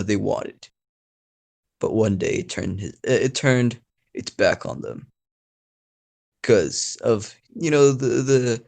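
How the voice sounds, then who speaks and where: A man's voice: medium pitch, creaky. A young man host rambling through a made-up story in casual chat, swearing and full of fillers. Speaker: channel host.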